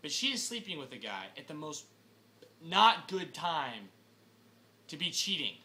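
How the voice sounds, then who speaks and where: A young man ranting through a film review, exasperated and animated, breaking into sudden shouts. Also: fairly high pitch, a little hiss or hum. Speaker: movie reviewer.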